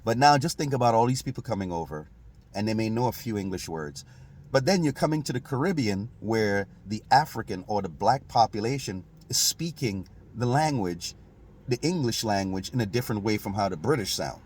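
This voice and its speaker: A man's voice: lowish voice, animated, brisk, darkish tone. Easygoing man chatting about history. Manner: conversational, laughs often, restarts sentences. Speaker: host. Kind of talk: casual history chat.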